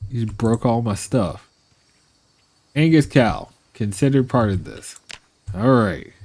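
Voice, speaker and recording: A man's voice: medium pitch, animated, takes it slowly, a little mellow. A man streaming live gameplay, chatting to his viewers and scolding the animals in the game, laughing and exasperated.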